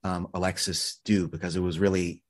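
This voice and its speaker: Low-voiced man telling stories with restarts. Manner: animated, halting with many restarts and fillers. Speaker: guest actor. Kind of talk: casual storytelling chat.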